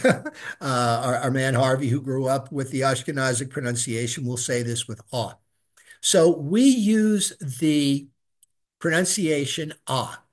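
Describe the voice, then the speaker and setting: A middle-aged man teaching a Hebrew reading class, patiently saying each sound and having the students repeat it. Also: on the high side. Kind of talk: live class instruction.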